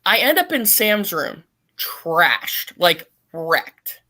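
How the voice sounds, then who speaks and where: A middle-aged woman, a podcast guest, telling a long story in a blunt, profane and animated way. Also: fairly low pitch, extremely slow. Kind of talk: casual storytelling.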